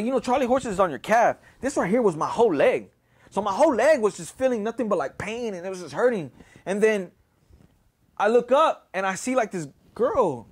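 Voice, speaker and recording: A man from Houston, telling a personal story in a casual, profane, rambling way, full of "you know" and "right?". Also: sits high. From Houston, Texas.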